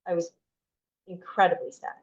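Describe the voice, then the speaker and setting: A woman in her forties, a podcast guest telling a personal story in a chatty way, full of "like" and restarts. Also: moderate pace. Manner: chatty, heavy use of "like", frequent restarts. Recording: dull lo-fi audio.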